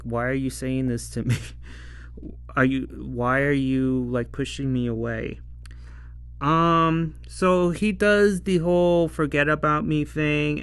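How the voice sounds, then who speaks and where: Slow-talking man reviewing a show. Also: a little high, a bit bright, clear, resonant tone, dry recording. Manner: rambling, laughs often, acts out quotes. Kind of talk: casual episode review.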